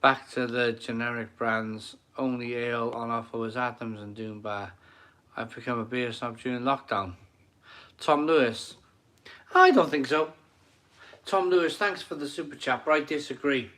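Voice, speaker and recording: He speaks at medium pitch and moderate pace, his voice a bit bright. This middle-aged man is casually streaming live from his home kitchen, rambling with enthusiasm and repeating phrases while reading out what viewers comment.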